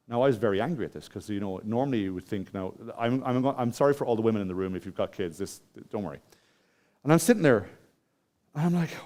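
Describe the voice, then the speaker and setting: This conference speaker from Ireland has a mid-range, darkish voice and talks in an animated, fairly quick way. Addressing a hall, he asks the crowd questions and recounts something from his own life, with plenty of restarts.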